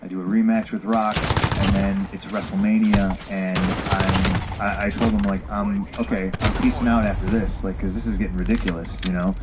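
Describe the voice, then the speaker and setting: This former pro wrestler has a deep voice with a level tone and talks at a normal speed over very heavy noise. He tells a story bluntly and candidly, swearing a lot and acting out both sides of old conversations in a casual way.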